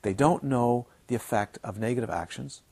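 A man's voice: mid-range voice, normal speed, gravelly. Playful man giving a dharma talk. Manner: playful, animated, mimics students' self-talk; repeats words for emphasis. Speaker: Buddhist teacher. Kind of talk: dharma talk to retreat students. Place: retreat centre teaching hall.

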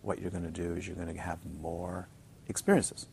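A man teaching a dharma talk to retreat students, playful and animated, repeating words for emphasis and mimicking his students. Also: low-pitched, fairly quick, creaky, a little hiss or hum. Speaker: Buddhist teacher. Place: retreat centre teaching hall.

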